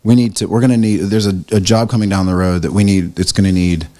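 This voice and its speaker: A middle-aged man from the United States, a print shop owner chatting as a podcast guest, telling lively stories and acting out quotes. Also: sits low, fast talker. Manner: animated storyteller, acts out quotes with swearing. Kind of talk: casual conversation.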